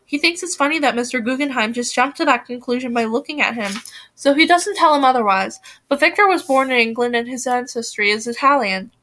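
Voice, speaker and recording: A woman reading the lines of a poised, worldly young woman from a novel, calm and self-assured. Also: high voice, a little fast.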